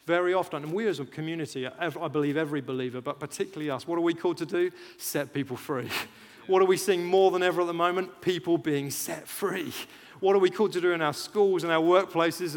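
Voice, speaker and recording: A man preaching a sermon, animated, jumping loud for emphasis and acting out chants. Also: fairly high pitch, quick pace, few pauses. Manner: animated, rises loud for emphasis, acts out chants, laughs at himself. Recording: long hall reverb.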